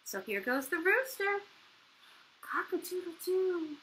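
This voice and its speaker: A woman's voice: high-pitched, very animated, a little slow, bright, forceful tone, slight background noise. A woman reading a picture book aloud to children for a library storytime, playful and inviting the kids to join in.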